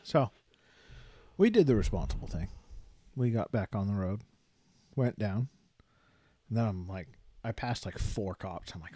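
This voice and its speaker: A man's voice: fairly low pitch, unhurried, pauses often, slightly rough, no echo. A man in his forties co-hosting a podcast, telling stories casually with lots of cursing. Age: 40s. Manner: profane, animated storytelling. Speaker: podcast co-host. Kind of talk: casual chat.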